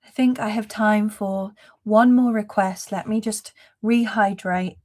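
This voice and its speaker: Woman host for a live spiritual reading: gentle, affirming, unhurried, mid-pitched. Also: fairly even intonation. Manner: laughs softly between phrases.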